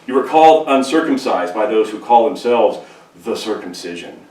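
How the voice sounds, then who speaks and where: Lively joking man preaching from a pulpit, lowish voice, echoey room, distant mic. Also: moderate pace. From California. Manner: joking, conversational, animated storytelling. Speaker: pastor. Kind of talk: humorous sermon. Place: church sanctuary.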